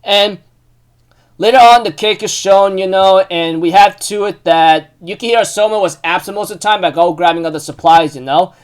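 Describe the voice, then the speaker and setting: A man with a high voice talks through an anime episode recap. He rambles, retells scenes loosely and leans on fillers, and he gets animated when something amuses him. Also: normal speed, clear, resonant tone. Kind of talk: casual recap commentary.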